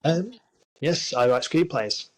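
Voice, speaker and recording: A man's voice: fairly high pitch, lively intonation, slow pace, rough recording. A man with a Yorkshire accent, an actor and screenwriter talking earnestly as an interview guest, with many restarts and fillers. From Yorkshire, England. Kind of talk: casual interview chat.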